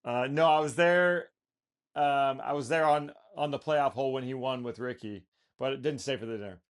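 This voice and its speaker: A man co-hosting a podcast, chiming in with laughing, lively reactions. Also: mid-range voice, normal speed. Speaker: podcast co-host. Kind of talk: casual chat.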